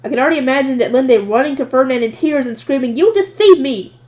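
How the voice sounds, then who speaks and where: A woman reading a light novel aloud in first person, lively and expressive, voicing the narrator's asides. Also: sits high, rapid-fire. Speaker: audiobook reader.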